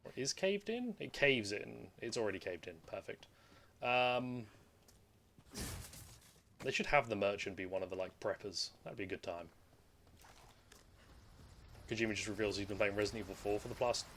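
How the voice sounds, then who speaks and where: A man's voice: on the low side, animated, moderate pace, long pauses, fairly bright tone, a little hiss or hum. A man streaming gameplay, rambling and joking casually as he plays, swearing freely. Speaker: streamer playing a video game. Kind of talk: casual live gameplay commentary.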